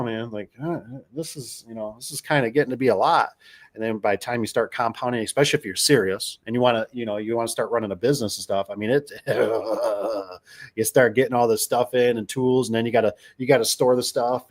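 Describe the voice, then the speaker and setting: A middle-aged man telling stories in a casual, rambling monologue, repeating himself and getting fired up. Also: medium pitch. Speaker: podcast host.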